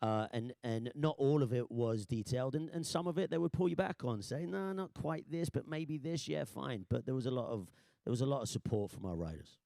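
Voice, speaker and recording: A man's voice: mid-range voice, a little fast, creaky, warm tone, no room sound, clean studio sound. A man on a panel reminiscing in a rambling way, searching for details.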